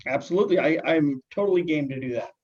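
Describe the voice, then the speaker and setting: A man playing a calm, agreeable office coworker in a training role-play, speaking haltingly. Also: fairly high pitch, natural voice. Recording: dull lo-fi sound.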